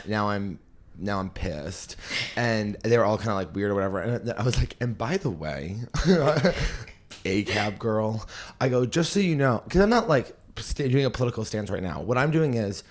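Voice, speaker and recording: A comedian and podcast host telling stage stories in a casual, animated way, laughing often and acting out the people he quotes. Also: on the low side. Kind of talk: casual storytelling.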